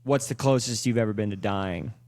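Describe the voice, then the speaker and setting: A man's voice: fairly low pitch, a little fast, a little mellow. A man hosting a comedy podcast, asking questions in a laid-back way and swearing casually. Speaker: podcast host.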